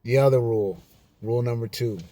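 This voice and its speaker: A man vlogger giving a casual, emphatic monologue to camera, slowing down and repeating his key lines. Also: medium pitch, steady tone, mellow. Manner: slow, repetitive, emphatic.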